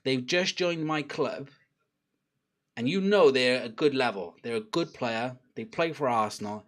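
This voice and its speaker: Young guy doing a live footy watchalong, chatty, laughs a lot, yells at the players. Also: mid-range voice, unhurried. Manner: chatty, swears, shouts at the players, laughs often. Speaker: football watchalong streamer. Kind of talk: casual live match reaction.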